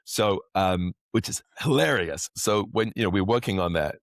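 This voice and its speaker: A man with an English accent, a podcast guest, chatting casually in a rambling, animated way. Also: deep voice, normal speed, no echo, studio quality. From England. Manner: rambling, animated storyteller who acts out quotes. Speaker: podcast guest, actor and magician. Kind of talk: casual interview chat.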